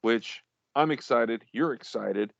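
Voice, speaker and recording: A man's voice: mid-range voice, takes it slowly, gravelly, no room sound, highs cut off. A man co-hosting a casual podcast, reading out league champions while stumbling over names and laughing at himself.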